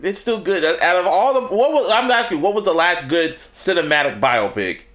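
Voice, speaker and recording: A young man co-hosting a casual podcast chat, profane and quick to laugh. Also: high-pitched. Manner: laughs often, animated and profane. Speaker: podcast co-host.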